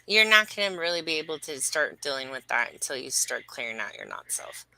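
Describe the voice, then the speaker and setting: A woman's voice: low voice, expressive, fairly quick, sharp tone, no echo, low-quality recording. A woman reading human design charts, talking casually and emphatically, rambling with fillers. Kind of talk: casual spiritual teaching chat.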